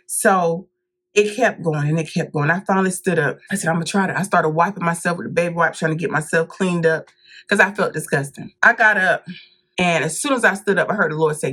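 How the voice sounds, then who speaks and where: A woman vlogging a casual storytime, dramatic and animated, acting out quotes and calling her viewers "y'all". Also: fairly low pitch, a little fast. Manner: addresses viewers directly as "y'all" and "baby".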